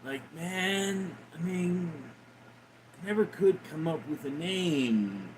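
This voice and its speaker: A man's voice: a little high, animated, slow pace, a little hiss or hum, voice pushed up, low-quality recording. Man doing a drawling stoner hippie dude. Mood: laid-back. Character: laid-back mellow male hippie stoner.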